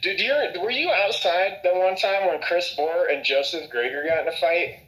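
A man's voice: sits high, moderate pace, fairly bright tone, reverberant, poor audio. A man recounting school memories with friends, swearing freely and chuckling through the telling. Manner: profane, chuckling storyteller. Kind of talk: casual storytelling chat.

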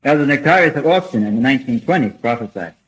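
A man giving an earnest, measured religious lecture, reading from a prepared text and clearing his throat between passages. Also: medium pitch, animated, fairly bright tone, low-quality recording. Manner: measured and earnest, reads quotations aloud.

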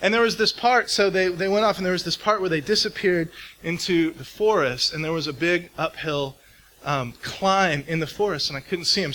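A man's voice: high-pitched, moderate pace, a bit bright, a little hiss or hum. A middle-aged man preaching a sermon to a congregation, telling a personal story in a conversational way and asking the room questions. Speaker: pastor. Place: church hall before a congregation.

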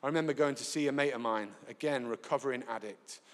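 Northern English preacher in a reverberant hall. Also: male voice, mid-range voice, quick pace. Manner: lively storytelling, acts out dialogue. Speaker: pastor. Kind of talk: sermon with anecdotes. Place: large church hall, live.

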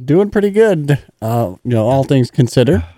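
A man's voice: medium pitch, very animated, normal speed, dark tone, dry recording, studio quality. Easygoing male radio co-host. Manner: easygoing, hesitant. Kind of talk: casual radio talk.

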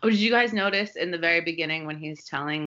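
A woman chatting casually about a movie as a podcast co-host, animated and sharing fun facts. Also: fairly low pitch, fast talker. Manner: animated, shares fun facts, quotes characters. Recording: dull lo-fi recording.

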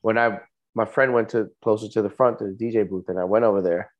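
A man's voice: lowish voice, fairly even intonation, fast talker, dull audio. A man co-hosting a casual podcast, telling stories in a laid-back way and swearing now and then. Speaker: podcast co-host. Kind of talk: casual chat.

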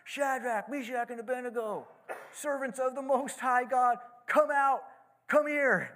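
A man voicing an astonished ancient king who shouts in amazement. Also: on the high side, slow, exaggerated voice. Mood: astonished shouting. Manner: loud, excited exclamations.

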